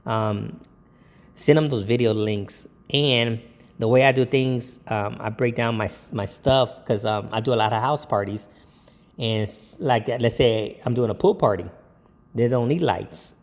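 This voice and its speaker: A man's voice: mid-range voice, moderate pace, a little mellow, big-room sound. A man who works as a DJ, talking casually and a bit rambling as he gives tips, with lots of ums. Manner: rambling, with many ums and jokey put-on quotes. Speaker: DJ giving business tips. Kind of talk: casual talk to camera.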